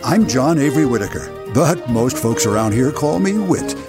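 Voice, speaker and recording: A folksy, welcoming radio show host, with a lively, slightly raised voice. Loud music sits under him. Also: male voice, mid-range voice, moderate pace. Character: friendly older male town host.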